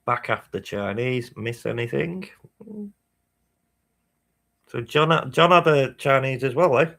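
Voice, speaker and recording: A man's voice: medium pitch, slow pace, vocal fry, fairly bright tone. A man hosting a live match watchalong, chatting casually, swearing and reading chat messages aloud. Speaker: fan channel host.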